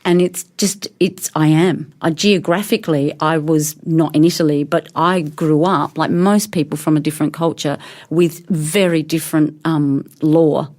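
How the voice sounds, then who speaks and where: A middle-aged Australian woman, a guest actor, talking in a casual interview and telling stories with lively voiced reactions. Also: sits low, normal speed, few pauses. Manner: animated storytelling, voices others' reactions.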